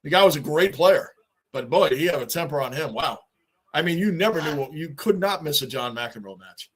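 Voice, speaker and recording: A man's voice: a little high, lively intonation, a little fast, husky. Chatty New man riffing on sports. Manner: talkative, reads and answers chat, repeats himself. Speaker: livestream host. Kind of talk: casual livestream chat.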